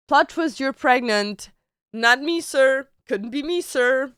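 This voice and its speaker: A chatty woman streamer talks casually to her viewers from her bedroom. Her voice is bright, crisp and a little high. The sound is close and dry, with little room in it. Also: slow, no room sound. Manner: chatty, slangy and expressive, with frequent "like". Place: home bedroom.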